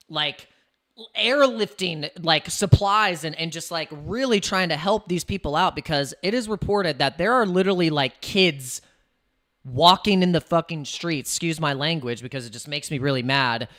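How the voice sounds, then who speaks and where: Bright, crisp-voiced male crypto streamer. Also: on the high side. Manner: chatty, rambling, hypes viewers up. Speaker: crypto livestream host. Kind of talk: casual livestream talk.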